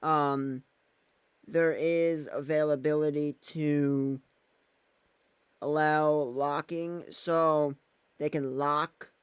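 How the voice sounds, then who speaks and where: A man's voice: fairly high pitch, steady tone, very slow, pauses often, clean tone, no echo. A man vlogging in a casual, rambling way, thinking aloud as he goes. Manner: thinks aloud while using his phone and laptop, meandering.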